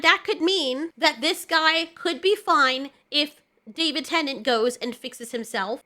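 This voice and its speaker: A high, bright woman's voice with a sharp edge. She reviews in a loose, off-the-cuff way, blunt and sarcastic, and she does not hold back on swearing. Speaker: video commentator. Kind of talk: casual reaction commentary.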